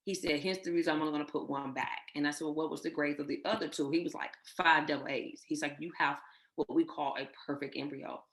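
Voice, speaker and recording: Low-voiced woman telling a heartfelt story. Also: fairly even intonation, fast talker, fairly bright tone. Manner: emotional, faith-filled, retells others' words. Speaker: guest sharing her infertility story. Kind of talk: personal storytelling interview.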